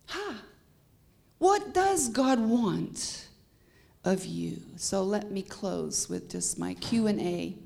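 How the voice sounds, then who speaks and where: A Canadian-accented woman preaching a sermon, building to emphatic peaks and easing into playful asides. Her mid-pitched voice carries a gravelly fry. She speaks as a visiting preacher addressing a congregation. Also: mellow. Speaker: guest preacher.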